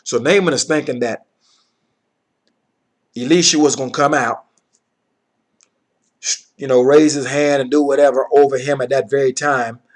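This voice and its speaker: A man's voice: mid-range voice, a little mellow. A man teaching from the Bible, reading verses aloud and then explaining them in plain words, often checking in with his listeners.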